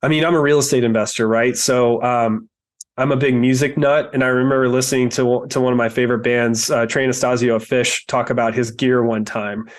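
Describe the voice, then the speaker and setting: A man's voice: medium pitch, steady tone, brisk. A man who invests in real estate, speaking as a podcast guest in an earnest, reflective way with many fillers. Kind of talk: interview podcast.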